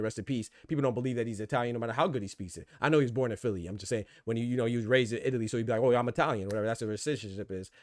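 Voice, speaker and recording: Fast-talking podcast host man. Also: mid-range voice, no echo, studio quality. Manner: fast, animated, repeats words while thinking. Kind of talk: casual podcast debate.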